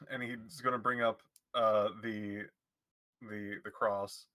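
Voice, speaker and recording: A man playing a tabletop game, chatty and quick to laugh. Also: on the low side, little pitch movement, sharp tone, dry recording. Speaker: player. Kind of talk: casual tabletop game play.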